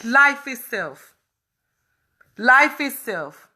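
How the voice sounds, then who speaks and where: A woman speaking a raw personal testimony, repeating herself and breaking between tears, laughter and shouts of frustration. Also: high voice, expressive, extremely slow. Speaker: vlogger sharing her illness story.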